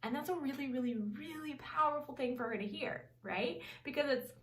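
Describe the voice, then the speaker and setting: A woman's voice: high-pitched, normal speed. A woman in her thirties, a parenting coach giving casual advice, earnest and leaning on "really" for emphasis. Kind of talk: casual advice talk to camera. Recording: roomy sound, mic at a distance.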